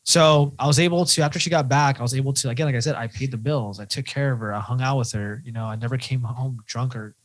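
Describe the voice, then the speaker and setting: A man, a podcast guest candidly telling his own story and acting out his inner voice. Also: medium pitch. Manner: fast, animated storyteller who acts out his own inner voice.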